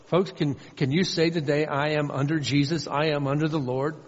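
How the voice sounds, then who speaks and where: A man's voice: fairly even intonation, normal speed. Earnest male preacher in a reverberant hall. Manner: earnest, swings between loud emphasis and soft low asides. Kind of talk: sermon. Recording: muffled sound with long hall reverb.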